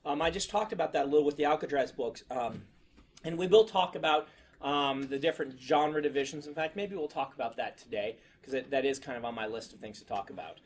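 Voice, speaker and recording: A man's voice: a little high, fairly quick, husky. A man leading a writing class in a classroom, chatting casually with students and using many fillers. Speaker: writing instructor. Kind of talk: classroom lecture and discussion.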